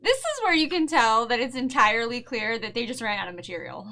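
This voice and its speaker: A woman's voice: a little high, very animated, a little fast, sharp tone. A woman co-hosting a casual show, chatting in a bubbly way and laughing often, with a New Jersey accent. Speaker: podcast co-host. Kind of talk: casual chat recap.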